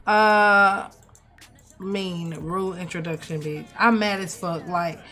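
A young woman, giving animated, swearing, mock-outraged commentary as she plays a life-sim game. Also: on the low side, takes it slowly, long pauses, soft background music. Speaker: gaming streamer. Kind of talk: casual gameplay commentary.

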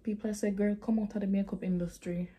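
A woman's voice: medium pitch, little pitch movement, quick pace, mellow, husky. A young woman chatting bluntly while doing her makeup, slipping into patois now and then. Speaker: beauty vlogger.

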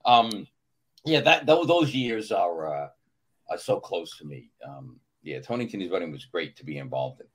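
With a low, slightly breathy voice at normal speed, this middle-aged man from New York guests on a laid-back podcast. He's an actor who spins anecdotes with energy, acting out the different characters' voices.

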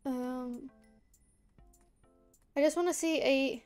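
A woman's voice: sits high, slow pace, a little mellow, soft background music. A woman from Liverpool with a mild Scouse accent, chatting casually on a game stream, rambling with lots of fillers.

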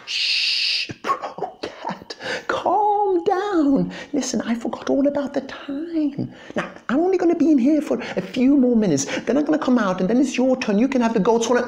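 A man voicing a sly male dog who coaxes his friend in a fast, high voice, over guitar music. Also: lively intonation, vocal fry, full character voice. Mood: coaxing. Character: smooth-talking male party-crashing dog, sly.

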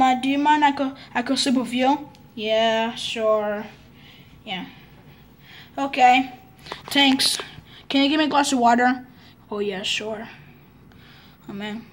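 High, slow, hesitant female voice. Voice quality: halting, hesitant delivery. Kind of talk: improvised toy play-acting.

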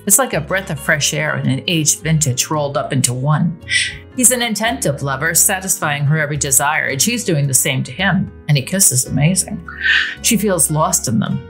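A woman narrating a romance story in a steady, intimate storytelling manner over gameplay. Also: low-pitched, normal speed, faint music behind. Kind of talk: romance narration over a life-sim game.

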